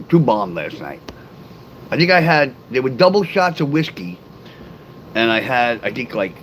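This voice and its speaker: A man's voice: mid-range voice, a little hiss or hum, rough recording. Rambling middle-aged man chatting with live viewers. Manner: rambling, talks straight to chat viewers; reads and answers live comments aloud. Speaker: livestreamer. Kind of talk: casual livestream chat.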